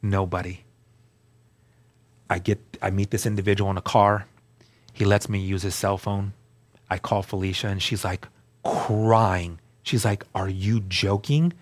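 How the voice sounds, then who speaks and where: Sitting low with a level tone, a male guest shares his personal testimony a little slowly, pausing often. He speaks earnestly and with emphasis, lowering to a hushed voice at the key moments.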